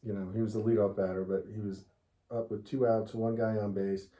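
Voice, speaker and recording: A man's voice: lowish voice, little pitch movement, brisk, warm tone. A middle-aged man telling a long baseball story in a casual interview, laughing often as he goes. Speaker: interviewee, father of the host. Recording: roomy echo.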